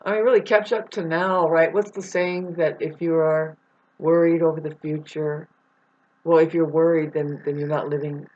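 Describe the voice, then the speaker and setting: A woman's voice: sits low, fairly even intonation, normal speed. A woman vlogging a rambling spiritual monologue, swearing freely and growing irate as she talks. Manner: profane, grows irate and loud. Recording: dull lo-fi recording.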